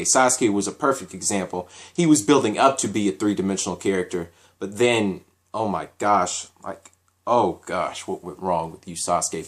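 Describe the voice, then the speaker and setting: A man giving a casual solo anime episode review, talking in an animated, repetitive way as he thinks aloud. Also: medium pitch.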